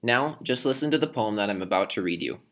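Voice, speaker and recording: A man's voice: fairly low pitch, expressive, quick pace, a bit bright. A man teacher explaining how to read poetry aloud in a recorded lesson, demonstrating points with his own voice.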